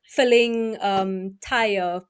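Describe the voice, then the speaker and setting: A young woman from Africa, co-hosting a casual podcast chat in a chatty, lively way, often trailing off and restarting. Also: medium pitch, extremely slow, clear, resonant tone. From South Africa. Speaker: podcast co-host.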